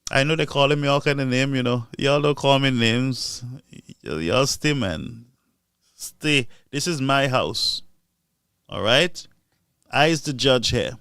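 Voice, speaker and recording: A man giving impassioned political commentary on a live stream, animated and mocking, swinging between loud outbursts and low asides. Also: a little slow, clean tone, dry recording.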